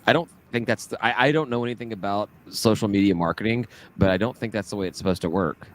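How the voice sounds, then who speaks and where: A man's voice: on the low side, fast talker, slight background noise. A man co-hosting a podcast, chatting casually and laughing easily. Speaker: podcast co-host. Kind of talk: casual chat.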